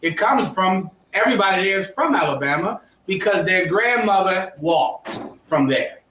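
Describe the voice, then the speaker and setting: A man's voice: high voice, a bit bright. A man teaching a history class, lecturing emphatically and quizzing his students. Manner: emphatic, preachy, asks the class questions. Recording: echoey room, mic far off.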